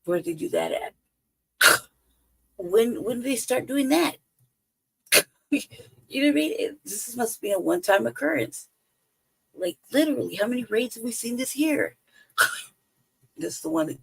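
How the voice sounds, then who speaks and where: Gravelly, husky woman ranting with laughter. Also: on the high side, animated, moderate pace, long pauses, no echo, rough recording. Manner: laughing, sarcastic, rhetorical questions. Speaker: livestream commentator. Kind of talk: profane casual commentary. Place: home livestream.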